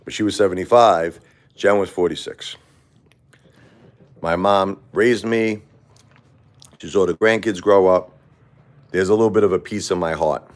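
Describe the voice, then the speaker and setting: Deep-voiced middle-aged man, quiet and halting. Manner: quiet, halting, repeats himself. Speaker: livestream host. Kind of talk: unscripted personal monologue.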